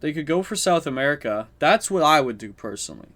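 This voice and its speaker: A man's voice: on the high side, sing-song, fast, fairly bright tone, no echo. A man streaming a strategy board game, chatting casually and swearing now and then. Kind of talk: casual live-stream commentary.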